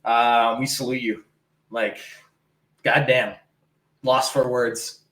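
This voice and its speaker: A man's voice: medium pitch, little pitch movement, takes it slowly, pushed and bright, echoey room, low-quality recording. A man from Canada co-hosting a casual political podcast, rambling and emphatic, swearing freely. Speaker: podcast co-host.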